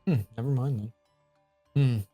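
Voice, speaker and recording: A man's voice: medium pitch, fairly even intonation, normal speed, warm tone, slightly rough, faint music behind. A man speaking in character at a tabletop game, drawling and musing. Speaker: player.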